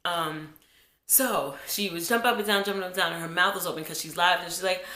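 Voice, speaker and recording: A woman in her twenties from New Jersey, telling a childhood story to her viewers in an animated, chatty way while getting over a cold. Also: on the low side, quick pace. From New Jersey, USA. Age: 20s. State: has a cold. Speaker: vlogger. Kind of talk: casual storytime vlog. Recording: echoey room.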